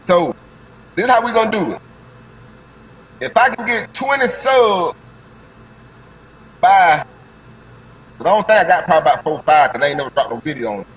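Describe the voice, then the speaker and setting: High-voiced guy on a live stream spinning an excited fish story, heavy slang. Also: normal speed, pauses often, lo-fi sound, slight background noise. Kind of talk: animated fishing story, casual chat.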